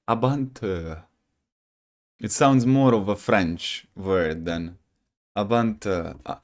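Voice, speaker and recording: Rambling young man streaming, slightly low voice. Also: slow pace, long pauses. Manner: rambling, jokey, says "bro" a lot, bursts of laughter. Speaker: gaming streamer. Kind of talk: casual live-stream chat.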